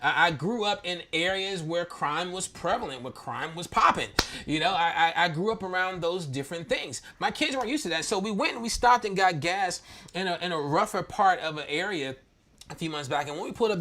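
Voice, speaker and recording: A man in his thirties from Maryland, hosting a church talk and telling a candid personal story in an animated, slangy way, often laughing. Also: a little high. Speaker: church podcast host.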